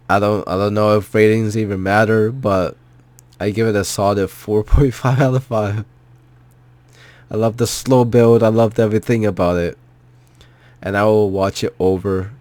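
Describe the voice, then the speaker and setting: A man's voice: fairly low pitch, darkish tone, no room sound. A man giving an emotional, heartfelt movie reaction, choked up and near tears, repeating himself and swearing. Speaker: vlogger.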